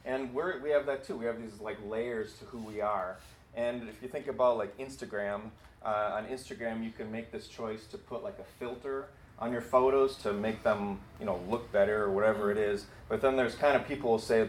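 A man's voice: lowish voice, fairly even intonation, moderate pace, reverberant, a little hiss or hum. A man preaching a sermon in a casual, storytelling and self-deprecating way. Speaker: pastor. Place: church building.

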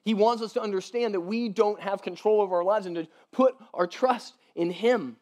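A man with a high voice gives a sermon in a relaxed, chatty manner. He checks in with the room often and sometimes goes quiet and soft for emphasis. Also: normal speed. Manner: conversational, with many "like" and "right?". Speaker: pastor.

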